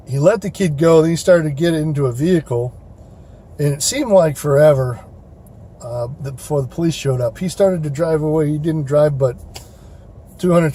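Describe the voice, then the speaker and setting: Rambling man, mellow voice. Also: mid-range voice. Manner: rambling, with many fillers and restarts. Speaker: rideshare driver vlogger. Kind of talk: casual storytelling.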